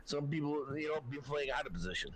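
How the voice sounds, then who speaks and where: A man co-hosting a sports podcast, talking things through calmly with fillers and restarts. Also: a little high, fast, rough recording. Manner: calm, reasoning, many fillers and restarts. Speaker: podcast co-host.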